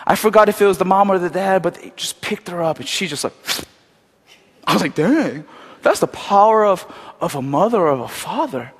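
A pastor giving a sermon in a storytelling way, animated, with many fillers. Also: male voice, sits high, normal speed, husky. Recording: long hall reverb.

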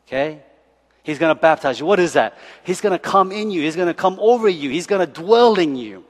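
A man preaching a sermon as pastor, animated and joking, often checking in with the congregation by asking "okay?" and "right?". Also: sits high, brisk. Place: church sanctuary. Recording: long church hall reverb.

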